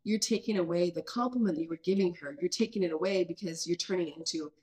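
A woman's voice: on the low side, fast talker, a little mellow. Earnest woman in her thirties. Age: mid-30s. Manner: earnest, thinks aloud with many restarts. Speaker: podcast host. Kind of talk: casual parenting podcast chat.

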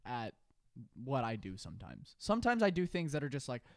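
A young man chatting casually as a podcast co-host, animated and self-deprecating. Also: mid-range voice, a little fast, creaky, dry recording, studio quality. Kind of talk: casual chat.

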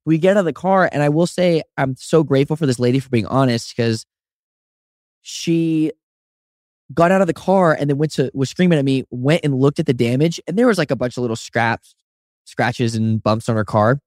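A man in his twenties co-hosting a podcast in casual chat, telling stories with lively high-voiced impressions of people. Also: normal speed, dry recording, studio quality. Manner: animated storyteller, does high-pitched impressions of others. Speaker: podcast co-host.

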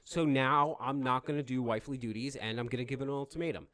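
A man's voice: medium pitch, fast. A man co-hosting a casual podcast, joking and wrapping up the show. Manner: animated, jokey, wraps up the show. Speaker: podcast co-host.

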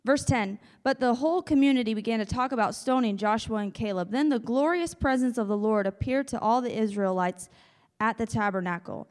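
Woman preacher, fairly high voice, chatty asides, long hall reverb. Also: brisk. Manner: chatty asides, calls for amen. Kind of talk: sermon with Bible reading.

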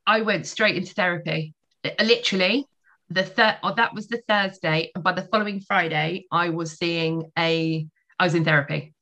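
A woman's voice: on the low side, normal speed, pushed and bright, highs cut off. A woman in her forties, a podcast guest telling her personal story candidly, swearing freely.

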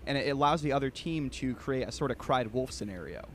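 A man's voice: medium pitch, lively intonation, fairly quick, slight background noise. A man talking as a guest on a casual podcast, chatty and full of restarts. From United States.

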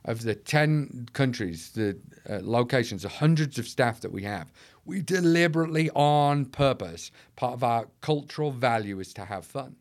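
A man speaking as an interview guest, passionate and rhetorical. He rallies his listeners and leans on well-known quotes. His voice sits at a middling pitch for a man. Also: expressive, normal speed. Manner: passionate, rhetorical, quoting often. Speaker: guest, leader of an anti-trafficking charity. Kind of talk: conversational interview.

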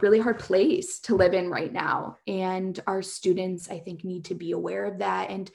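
A woman's voice: mid-range voice, creaky, a little mellow. A young adult woman teacher in an interview, speaking earnestly with many fillers. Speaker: high school teacher, guest. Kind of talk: emotional interview talk.

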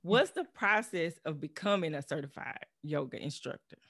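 A woman's voice: low-pitched, expressive, moderate pace, a bit bright, no room sound, studio quality. A woman hosting a casual interview, encouraging her guest with frequent affirmations. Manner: encouraging, lots of affirming backchannels. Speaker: interviewer host.

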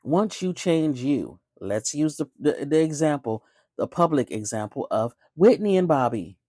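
A woman's voice: low-pitched, expressive, a little slow, mellow, breathy edge, no echo, studio quality. A woman hosting a casual spiritual talk, emphatic and preachy, often firing off rhetorical questions.

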